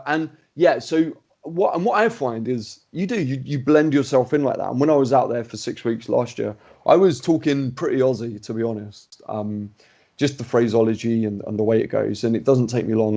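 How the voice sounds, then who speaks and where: A man hosting a podcast, talking in a chatty, animated way with lots of restarts. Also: medium pitch, a little fast, gravelly. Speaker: podcast host. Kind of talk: casual podcast chat.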